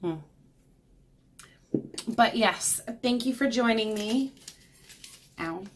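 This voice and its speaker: A woman's voice: a little high, extremely slow, noisy background. A young woman, chatting casually through an unboxing vlog at home and cooing at her dog. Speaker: beauty vlogger.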